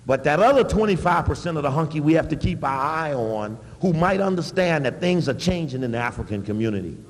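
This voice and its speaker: Animated man speaking in an echoey hall. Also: a little high, a little fast. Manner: animated, emphatic, blunt asides. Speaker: public speaker. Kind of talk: public talk to an audience.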